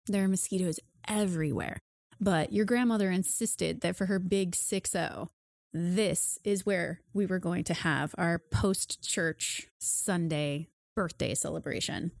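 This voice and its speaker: A woman serving as game master, narrating a tabletop horror game in a relaxed, conversational way. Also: lowish voice, a little slow, creaky, no echo.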